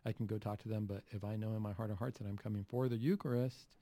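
A man preaching a Catholic homily, asking rhetorical questions and acting out the Gospel quotes with lively emphasis. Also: on the low side, quick pace, no room sound.

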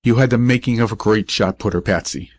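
A man voicing a young college athlete who speaks low and tenderly to a dying boy. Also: a little fast, no room sound, close to an everyday voice.

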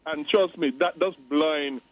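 A man's voice: on the high side, slow pace, dull audio. A man on a call-in radio show, speaking emphatically and repeating his points. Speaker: radio guest. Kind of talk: call-in talk radio discussion.

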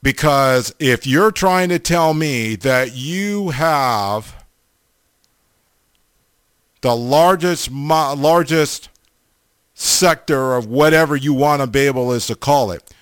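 A man's voice: mid-range voice, a bit bright, clear, resonant tone, dry recording, studio quality. A man preaching a sermon, blunt and emphatic, stammering over restarts and repeating himself for stress.

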